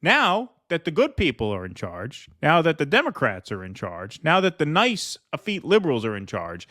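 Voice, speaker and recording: Sarcastic bright-voiced male commentator. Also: fairly high pitch, normal speed. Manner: sarcastic, mocking, animated. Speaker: political commentary host.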